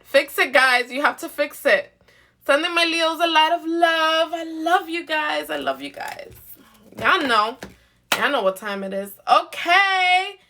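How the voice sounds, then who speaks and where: Woman doing a live tarot reading, slow and bright, keeps repeating her pep talk with lots of laughs. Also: high voice, a little hiss or hum. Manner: affectionate, repetitive coaxing with frequent laughs. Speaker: tarot card reader. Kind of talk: live zodiac card reading.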